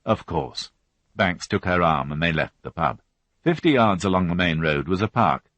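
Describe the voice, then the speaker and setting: A man narrating a crime novel as an audiobook reader, unhurried and even. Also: deep voice, no room sound. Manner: even, unhurried reading with voiced characters. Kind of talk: scripted narration.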